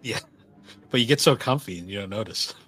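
A man's voice: fairly low pitch, lively intonation, fairly quick, fairly bright tone, breathy edge. A man co-hosting a podcast in casual chat, rambling with lots of fillers and laughing often. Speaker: podcast co-host.

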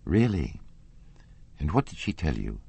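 A man reading an audiobook, voicing a confused, lovesick young nobleman who asks anxious, halting questions. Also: very deep voice, very animated, vocal fry, warm tone, husky, full character voice.

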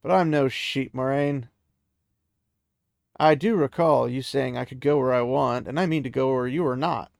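A man's voice: mid-range voice, moderate pace, creaky, no room sound, studio quality, lightly acted. A man voicing a confused, bitter young male hero in a casually retold fantasy story, speaking in an indignant, stubborn way. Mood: resentful.

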